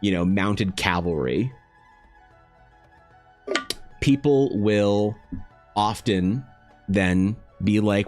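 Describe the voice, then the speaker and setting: A man's voice: lowish voice, lively intonation, a little slow, a little mellow, faint music behind. A man streaming his art and chatting casually, rambling with many restarts and filler words and greeting viewers directly. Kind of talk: casual live-stream monologue.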